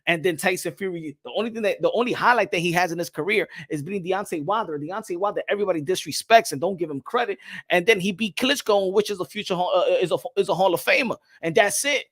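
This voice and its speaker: High-voiced excitable man talking boxing. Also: quick pace. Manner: animated, repetitive, gets loud and excited. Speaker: boxing show host. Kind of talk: casual boxing commentary.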